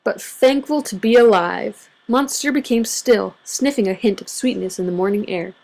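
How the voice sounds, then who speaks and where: A woman reads a children's picture book aloud in a mid-range voice. Her storytelling is expressive and varied. She gives the story a gentle read-aloud lilt. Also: mid-range voice, normal speed, creaky. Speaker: storybook reader.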